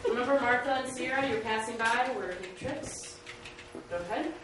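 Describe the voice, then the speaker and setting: A female teacher gives her class instructions and guides students through a role-play. Her voice is on the high side at normal speed, captured in a very echoey, distant, noisy classroom recording.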